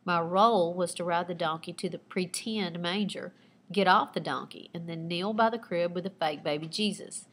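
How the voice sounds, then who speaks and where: A woman teacher reading aloud her own personal narrative with lively expression, pausing to point out the writing techniques she used. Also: on the low side. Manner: expressive storytelling with asides pointing out figurative language.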